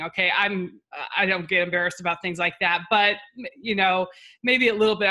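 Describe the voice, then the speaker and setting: A woman's voice: mid-range voice, sharp tone. A middle-aged woman writing coach talks casually through her own social media post, chatty and self-deprecating with lots of fillers.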